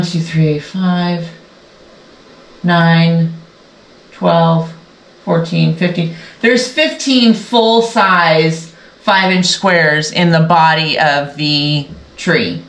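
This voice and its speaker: Slow, chatty woman quilting host. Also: lowish voice, fairly bright tone. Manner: chatty, rambling, self-interrupting. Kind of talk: casual sew-along chat. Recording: echoey room with faint background noise.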